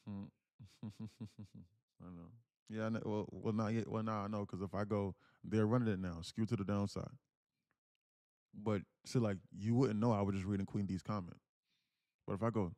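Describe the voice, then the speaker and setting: A young man with a low, gravelly voice runs live trading commentary, chatting freely and thanking viewers as he goes. The sound is dry and close, with no room around it. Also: moderate pace, mellow, dry recording. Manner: chatty, thanks viewers, switches to a higher put-on voice when reading comments. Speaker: day trader streaming live.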